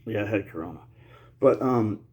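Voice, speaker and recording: Speaking at normal speed with a low-leaning, darkish tone, a channel host delivers a loose, slangy monologue to camera for his viewers. Nervous laughter creeps into his serious points, and occasional coughs show he's getting over being sick.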